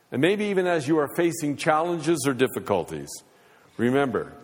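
A man's voice: medium pitch, a little mellow. A man preaching a sermon as pastor, with rising and falling emphasis. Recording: long hall reverb.

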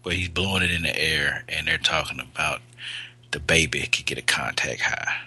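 Husky, bright-voiced man riffing casually. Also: rumbling low, moderate pace. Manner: loose, profane, laughs often, riled up. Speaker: co-host. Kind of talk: casual podcast banter.

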